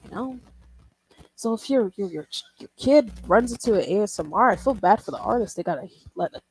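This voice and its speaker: A woman's voice: medium pitch, lively intonation, a little fast, darkish tone, slightly rough, low-quality recording. A young woman streaming while she draws, chatting in a rambling, casual way, swearing and laughing often. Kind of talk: casual livestream chat while drawing.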